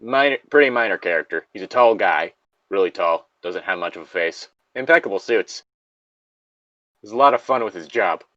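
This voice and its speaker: A man's voice: deep voice, expressive, moderate pace, sharp tone, no echo, dull audio. A man reading a story aloud and trading crude jokes, laughing often. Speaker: story reader and co-host. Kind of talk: casual banter and story reading.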